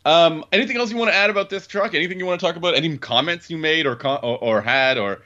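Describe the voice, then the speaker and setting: A man's voice: fairly high pitch, quick pace. A man co-hosting a casual car podcast, talking with lots of fillers and restarts. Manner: animated, hesitant with many fillers and restarts. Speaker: podcast co-host. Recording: dull lo-fi sound.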